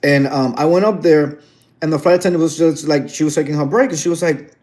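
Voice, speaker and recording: A chatty man with a fairly high voice tells his viewers a story in a sassy, gossiping way. He talks casually and directly to the camera. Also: fast, a little mellow. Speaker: vlogger addressing viewers. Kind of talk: casual chat.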